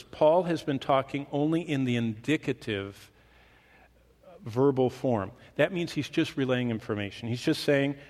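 A man preaching a sermon to a congregation, animated, with his pace and volume shifting for emphasis. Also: medium pitch. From Michigan. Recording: long reverb of a hall.

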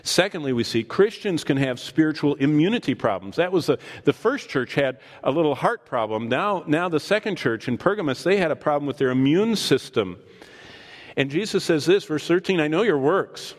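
A man preaching a sermon as pastor, animated and acting out scripture in voices. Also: fairly high pitch, moderate pace. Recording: long hall reverb.

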